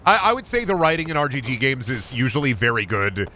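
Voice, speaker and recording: Bright-voiced, swearing male game streamer. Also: medium pitch, fast, slight background noise. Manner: animated, profane, joking. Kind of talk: casual live-stream commentary.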